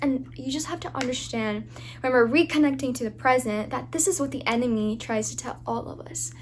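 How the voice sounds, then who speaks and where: Woman, devotional speaker, earnest, informal, fillers and restarts, somewhat high voice, faint hum behind. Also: a little fast.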